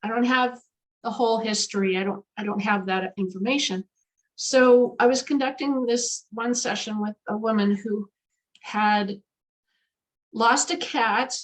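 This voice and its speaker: Animated high-voiced woman storyteller. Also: unhurried, low-quality recording. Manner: animated, emphatic storyteller with fillers. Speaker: guest animal communicator. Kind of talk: storytelling in an interview.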